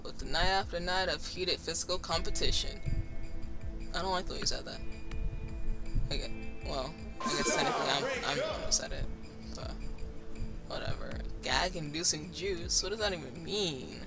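Game commentator with a fry-heavy voice, offhand, reads on-screen lines aloud, yelps in fights; loud game music underneath. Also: medium pitch, moderate pace, long pauses. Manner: reads on-screen text aloud, breaks into excited yelling during fights. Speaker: gameplay commentator. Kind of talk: casual let's-play commentary, reading game dialogue aloud.

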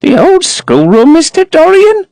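A man voicing a fussy, garrulous old female housekeeper with a high, fluttering, fussing way of talking. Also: huge pitch swings, a little slow, vocal fry, a little mellow, no room sound, exaggerated voice.

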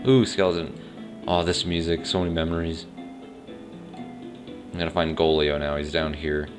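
Very low male voice, casual let's-play host, rambling and unsure, faint music underneath. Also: level tone, a little slow. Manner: rambling, unsure, thinks aloud. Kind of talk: casual gameplay commentary. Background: faint game music.

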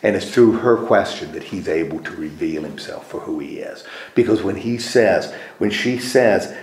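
A deep-voiced man, animated and moderately paced, runs a group Bible study in a church meeting room, asking the group questions and echoing back what they say. The room gives the recording a roomy echo.

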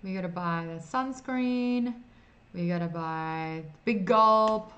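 A woman's voice: mid-range voice, slow, fairly bright tone. A woman chatting casually while streaming an old computer game and reading chat. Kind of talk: casual gameplay commentary. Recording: slightly dull streaming mic audio with faint noise.

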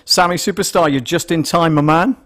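A man's voice: on the high side, fairly quick, fairly bright tone. Rambling man testing a studio mic. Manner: rambling, thinks aloud while setting up gear; counts numbers for mic checks. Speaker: live stream host. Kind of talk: casual live stream talk. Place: small studio with a mixing desk. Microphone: desktop condenser microphone, close.

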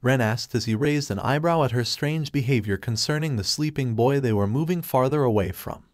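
A man narrates a fan fiction story in a steady, even read-aloud voice, keeping the same delivery for every character. His pitch sits in the middle for a man. The sound is dry and close, with no room echo. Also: brisk.

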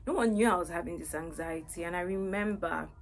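A woman's voice: on the low side, brisk, a little hiss or hum. A woman sharing a personal faith testimony in an earnest, repetitive way. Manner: earnest, repeats herself with many "you know"s.

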